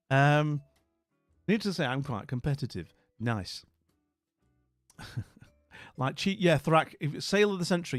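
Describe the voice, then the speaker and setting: A man's voice: on the high side, dry recording. A middle-aged man with a Scottish accent hosting a livestream, chatting casually, telling a story and reading chat aloud. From Scotland. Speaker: livestream host.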